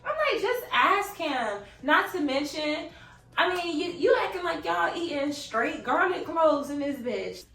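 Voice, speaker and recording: A woman's voice: sits high, animated, measured pace, gravelly, fairly bright tone, distant mic. A young woman vlogger telling a casual storytime, chatty and swearing, who often laughs and raises her voice to quote people. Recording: echoey room, away from the mic.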